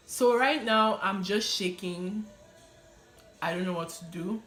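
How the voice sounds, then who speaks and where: A young woman telling her personal testimony in an animated, casual way, often laughing and using fillers. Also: mid-range voice, unhurried, faint music behind. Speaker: vlogger sharing her testimony. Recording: echoey room.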